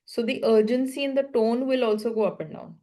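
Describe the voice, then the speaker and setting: A woman's voice: on the high side, steady tone, brisk, mellow. A woman coaching a learner one-on-one, explaining patiently in short, repeated phrases. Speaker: English speaking coach.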